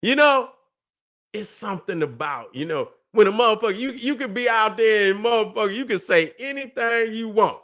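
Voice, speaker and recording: High, bright-voiced man preaching on a livestream. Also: expressive, moderate pace. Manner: profane, emphatic, constantly asks "you see what I'm saying". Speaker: livestream host.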